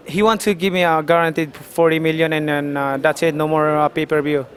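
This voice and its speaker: A man from the Philippines answers interview questions as a boxer, pausing often with ums and uhs. His voice is fairly high for a man and stays flat in pitch. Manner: halting, with many fillers.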